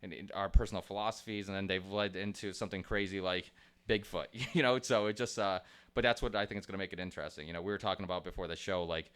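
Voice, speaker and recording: A man's voice: deep voice, steady tone, fast, fairly bright tone, smooth. A man hosting a podcast in casual chat, rambling with many restarts, swearing and laughing easily. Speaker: podcast host.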